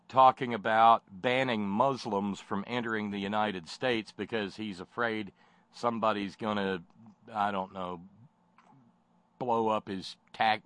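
A man's voice: lowish voice, a bit bright, no echo. A man giving sardonic spoken commentary, mocking and rambling with many fillers and false starts.

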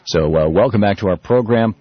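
Male radio host, husky and fairly low, dry muffled broadcast sound, loose talky delivery. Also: fairly quick, no room sound. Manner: loose, animated delivery with many restarts and fillers. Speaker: radio talk show host. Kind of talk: political talk radio monologue.

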